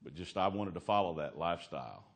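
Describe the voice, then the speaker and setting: A man preaches in church, in a very deep, low voice. He tells folksy stories, laughs between lines and drops from loud calls to near hushed talk. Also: lively intonation, quick pace. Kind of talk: sermon with storytelling.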